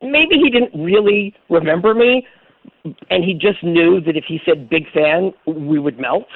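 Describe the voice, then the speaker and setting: Animated man telling a story down a phone line. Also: high voice, unhurried, no echo. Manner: animated storyteller who acts out quotes. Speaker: guest architect. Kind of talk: storytelling on a radio call-in show.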